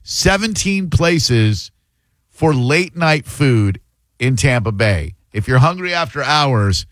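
A man's voice: mid-range voice, very animated, slow pace, fairly bright tone, dry recording. A man hosting a talk radio show, chatting loosely and joking with his co-host and callers. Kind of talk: casual talk radio chat. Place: radio studio. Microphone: studio mic.

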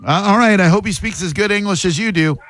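A podcast host chats casually in a high, fast, somewhat bright voice. His manner is sarcastic and teasing.

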